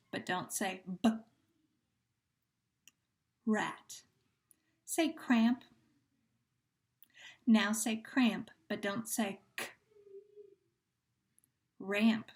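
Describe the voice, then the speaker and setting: A woman teacher leading a phonemic awareness drill, speaking slowly and deliberately and giving patient, encouraging praise. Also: mid-range voice. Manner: slow, deliberate, stretches words when repeating them.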